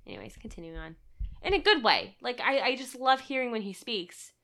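A woman's voice: on the high side, very animated, brisk, fairly bright tone. A young woman co-hosting a casual chat show, rambling and self-deprecating as she talks. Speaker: podcast co-host.

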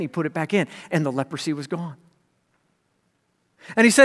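A man preaching a sermon as pastor, swinging from loud emphasis to hushed whispers. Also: high-pitched, a little fast. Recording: long hall reverb.

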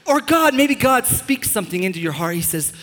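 A young man preaching a sermon as a pastor, enthusiastic and joking with sudden loud bursts. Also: high-pitched, big pitch swings, fairly quick, faint music behind. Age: young adult. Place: large church hall. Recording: long church-hall reverb.

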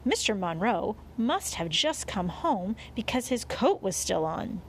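A woman narrating a children's audiobook in an expressive storytelling manner. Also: medium pitch, unhurried, a little hiss or hum.

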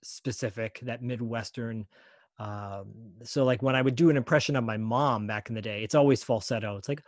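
A man talking as a guest voice actor on a podcast, easygoing and quick to laugh, often restarting his sentences. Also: medium pitch, no echo, studio quality. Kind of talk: casual podcast chat.

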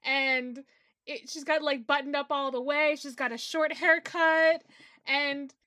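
A high-pitched woman talks in a loose, excited way about a show she loves. She gushes openly and swears without a second thought. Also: unhurried, no echo, clean studio sound. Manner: enthusiastic, gushing, swears casually. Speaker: podcast co-host. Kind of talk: casual fan chat about an anime.

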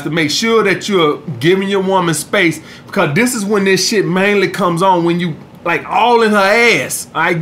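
Casting: high-voiced man, podcast host, swearing, casual lecturing tone, faint room hum. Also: a bit bright. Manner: profane, repeats "all right?". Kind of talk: casual monologue.

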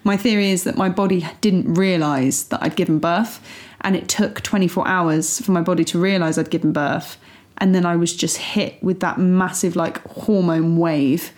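A young British woman co-hosting a podcast, telling a personal story in a casual, animated way and laughing often. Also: lowish voice. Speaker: podcast co-host. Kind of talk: casual chat.

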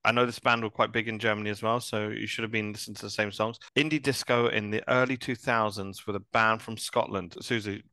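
Bright-voiced teasing male co-host. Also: lowish voice, steady tone, fast, hardly any pauses, dry recording. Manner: joking, teasing. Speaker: podcast co-host. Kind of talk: casual chat.

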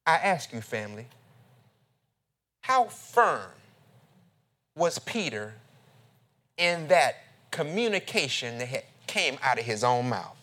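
A pastor preaching a sermon in a relaxed, conversational way, reading scripture aloud and speaking to his listeners as family. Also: mid-range voice, slow pace, long pauses.

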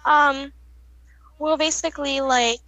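A woman's voice: high-pitched, steady tone, takes it slowly, pushed and bright, no echo, rough recording. A young woman telling a rambling storytime vlog, with lots of fillers and laughs. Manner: rambling, giggly, frequent fillers. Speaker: vlogger. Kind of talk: casual storytime.

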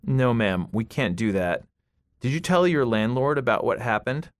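A man reading the part of a calm, practical woman mover, polite and matter-of-fact. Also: mid-range voice, normal speed, no echo, close to an everyday voice.

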